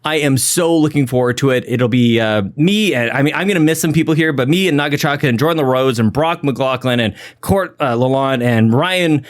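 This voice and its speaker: A man's voice: medium pitch, brisk, few pauses. A man hosting a podcast, chatting casually and energetically through thank-yous and plans, rambling and laughing at himself. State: a little out of breath. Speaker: podcast host. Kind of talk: casual podcast intro and shout-outs.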